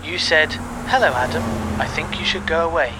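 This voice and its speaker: A man's voice: a little high, a little fast, noisy background, close to an everyday voice. A man voicing a polite male phone voice assistant who keeps mishearing, in a comedy sketch. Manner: polite, flat and even like a machine.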